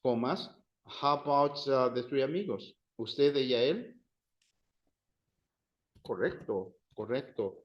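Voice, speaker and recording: A Spanish teacher with a medium-pitched voice speaks a little slowly, with long pauses, in an adult-education language class. He patiently walks students through conjugation drills and praises their answers, and the classroom sounds roomy and dull.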